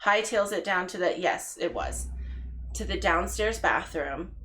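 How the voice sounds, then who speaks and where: A young woman telling stories in casual podcast chat, deadpan and acting out the quotes. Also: on the low side, unhurried, a little hiss or hum. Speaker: guest, cousin.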